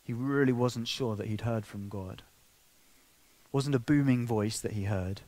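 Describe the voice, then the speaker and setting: A man preaching a sermon, building to emotional peaks then dropping to a hush. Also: mid-range voice, unhurried. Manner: impassioned, swinging between soft and loud.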